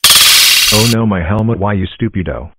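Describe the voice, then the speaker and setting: A man's voice: low voice, a little fast, heavy background noise, close to an everyday voice. A man voicing a boastful, bullying male astronaut who taunts and calls everyone names in broken grammar.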